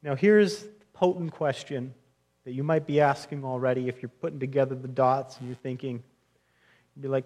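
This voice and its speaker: A man's voice: mid-range voice, fairly even intonation, normal speed, darkish tone. A young man preaching a sermon in an earnest, conversational way, often restarting phrases and speaking directly to his listeners as friends. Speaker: pastor.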